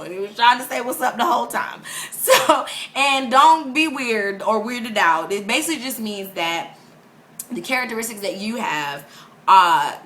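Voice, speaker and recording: A young woman vlogging casually, telling a personal story in an animated way, laughing often and acting out what people said. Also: a little high, slight background noise.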